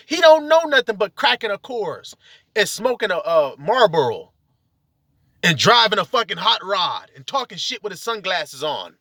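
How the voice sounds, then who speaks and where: A man delivering a heated, profane spiritual rant, preachy and confrontational, with sudden loud outbursts. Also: sits high, big pitch swings, moderate pace, no room sound, studio quality. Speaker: religious video commentator.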